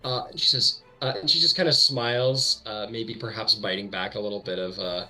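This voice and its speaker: A man's voice: lowish voice, fairly quick, bright, forceful tone, faint music behind, low-quality recording. A man narrating as game master of a tabletop game in a casual, rambling way. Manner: casual, many fillers and restarts.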